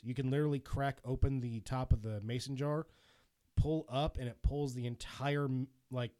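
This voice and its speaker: A man hosting a podcast, talking in a loose, profane, joking way. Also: darkish tone. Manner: laughing, loose and profane, breaks into high mock voices. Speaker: podcast host. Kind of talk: casual podcast chat.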